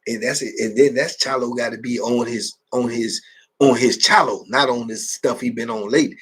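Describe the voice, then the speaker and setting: A man's voice: mid-range voice, steady tone, normal speed, fairly bright tone, slightly rough. A middle-aged man hosting a late-night live chat, telling stories in street slang, repeating himself and laughing often. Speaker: host.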